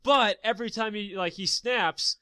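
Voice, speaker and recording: Casting: man, podcast co-host, high voice, swears a lot, heated rants, dry close mic. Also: moderate pace, pushed and bright, smooth, no echo. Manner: profane, ranting, heated storytelling. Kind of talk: casual gaming podcast chat.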